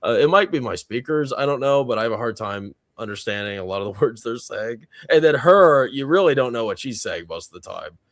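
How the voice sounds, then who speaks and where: A man's voice: medium pitch, animated, brisk, hardly any pauses, no room sound, studio quality. A man hosting a casual panel chat, rambling a bit, chuckling often and reading out viewer comments. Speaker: panel host.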